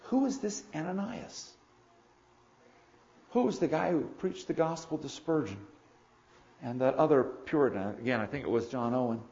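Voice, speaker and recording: Pastor guy preaching a sermon, gets loud out of nowhere then drags words out slow, roomy muffled church sound. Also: fairly high pitch, animated. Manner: preaches with sudden loud emphatic swells and slow drawn-out stresses.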